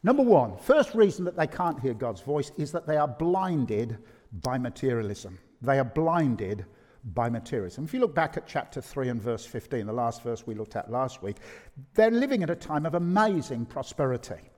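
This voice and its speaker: A man's voice: mid-range voice, very animated, normal speed, darkish tone. A man preaching an evening sermon, emphatic and repeating key phrases for effect. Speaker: pastor. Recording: long reverb of a large hall.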